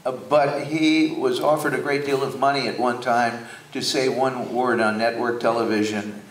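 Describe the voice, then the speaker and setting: An older man telling stories slowly on stage, with many hesitations. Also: mid-range voice, distant mic, slight background noise. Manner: slow, anecdotal, hesitant. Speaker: guest speaker. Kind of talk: on-stage conversation. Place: theater stage before an audience. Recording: roomy hall, mic from afar.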